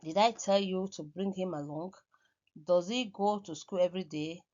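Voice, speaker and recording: A woman's voice: fairly low pitch, moderate pace, a little mellow. Hesitant woman lecturing, muffled sound. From Nigeria. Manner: hesitant, repeats words and restarts often. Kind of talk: recorded lecture over slides.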